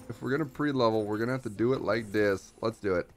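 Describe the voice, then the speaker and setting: A young man giving casual, excitable commentary while he plays a strategy game, with playful jokey asides. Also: on the low side, fast talker, few pauses. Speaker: streamer. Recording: faint music behind.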